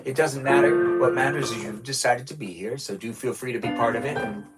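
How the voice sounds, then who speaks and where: Male live streamer, mid-pitched, rambling high-energy chat while gaming, background music clearly audible. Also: brisk.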